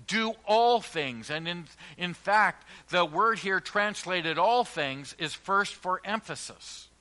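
A man delivers a sermon in a church, his voice sitting a little high and cutting through with a sharp, forceful edge. He preaches earnestly, leaning hard on key phrases, then lets the ends of his lines fall away. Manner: earnest, emphatic preaching with slowed stressed phrases and trailing quiet endings. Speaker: pastor.

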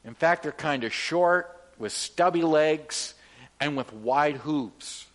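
A man's voice: on the high side, slow pace, fairly bright tone. A man delivering a sermon as pastor, from Canada, emphatic and leading the congregation in call-and-response.

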